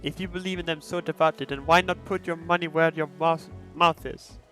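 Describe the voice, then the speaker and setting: A man voicing a small, brisk businesslike woman in a blunt, needling way, in his own fairly high voice. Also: fairly even intonation, a bit bright, faint music behind, close to an everyday voice.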